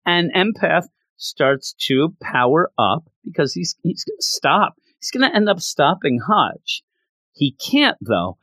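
A man giving a casual recap of a story, animated and often restarting his sentences. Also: fairly high pitch, takes it slowly, dry recording. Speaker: comic book commentator.

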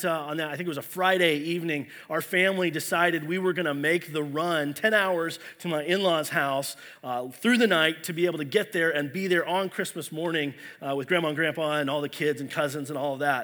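Bright-voiced man preaching a sermon. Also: on the high side. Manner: earnest, storytelling with many restarts. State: unwell. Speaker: pastor. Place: church.

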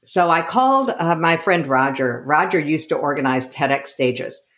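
Animated middle-aged woman telling a story. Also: deep voice, normal speed. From United States. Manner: animated storyteller acting out quoted dialogue. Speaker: guest, coach. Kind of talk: storytelling interview.

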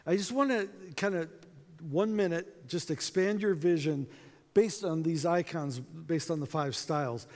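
A man giving a storytelling talk to a conference audience, acting out dialogue in an animated way, with reverb from a hall. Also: fairly high pitch, measured pace. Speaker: conference speaker.

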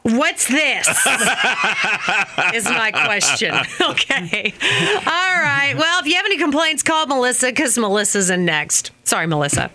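A woman's voice: on the high side, very animated, a little slow, background noise. A woman co-hosting a morning radio show with teasing banter. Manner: bubbly, teasing.

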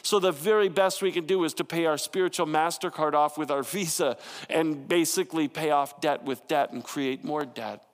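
A male pastor in his thirties delivers a sermon in a conversational, storytelling way with playful asides. His voice sits high for a man. The sound carries a long hall reverb. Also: moderate pace.

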